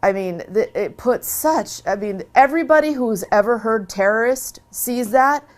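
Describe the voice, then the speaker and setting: A woman's voice: a little high, normal speed. Earnest woman telling her story. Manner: earnest, emphatic, repeats herself for stress. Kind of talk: casual interview talk.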